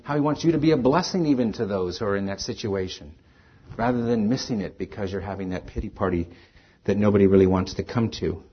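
A man preaching as pastor, earnest, swinging from emphatic stresses to quiet, soft lines. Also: on the low side, quick pace, breathy edge. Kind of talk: sermon. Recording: dull lo-fi sermon recording.

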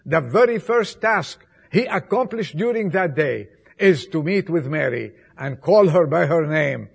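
A man preaching an Easter sermon, with emphatic repetitions, swinging between loud appeals and soft, hushed passages. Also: fairly high pitch, lively intonation, vocal fry, slightly rough. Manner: slow, emphatic delivery with repetitions.

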